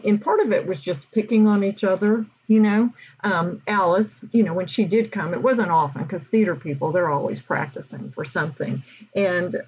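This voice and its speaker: A husky, breathy woman tells stories in a chatty, meandering way, full of fillers. Her voice sits fairly low for a woman. The recording sounds dull and lo-fi. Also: a little mellow. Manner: chatty, with frequent fillers and laughs. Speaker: teacher. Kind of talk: casual storytelling podcast.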